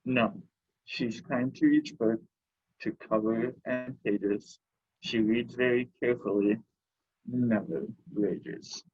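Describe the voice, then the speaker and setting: Slow, husky-voiced man reading aloud. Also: medium pitch, a little mellow, highs cut off. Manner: slow, unhurried reading with short personal comments. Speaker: library story time reader. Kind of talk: reading picture books aloud to children.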